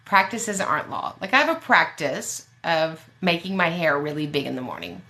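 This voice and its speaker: Brief: lower-pitched woman advocate, punchy and bright-toned, blunt and sassy when giving advice. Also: sing-song. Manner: emphatic, blunt and sassy, with quick jokes. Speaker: special education advocate. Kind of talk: fiery advice on a live Q&A show.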